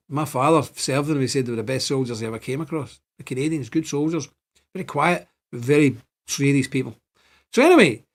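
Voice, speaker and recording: An older man with a Northern Irish accent hosts a rambling livestream commentary. His voice sits high and swings widely in pitch, and he laughs between his points. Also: fairly bright tone. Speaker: show host. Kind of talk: livestream commentary reading chat.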